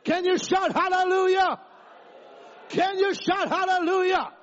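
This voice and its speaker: A man's voice: very high voice, steady tone, a little slow, fairly bright tone, a faint crowd. A man preaching a sermon, calling out lines for the congregation to repeat back to him. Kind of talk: sermon with call-and-response. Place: large church hall. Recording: dull, echoey church recording.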